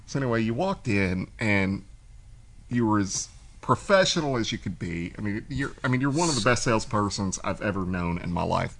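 A man's voice: on the low side, normal speed, gravelly. A man hosting a casual chat, telling a long story and acting out what people said. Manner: animated storyteller, acts out quoted voices. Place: cigar shop.

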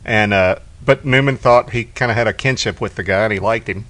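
A man's voice: fairly low pitch, brisk, fairly bright tone, no echo. A man with a Texan accent co-hosting a podcast, telling stories and cracking jokes in casual chat. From Texas. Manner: joking, storytelling. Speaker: podcast co-host.

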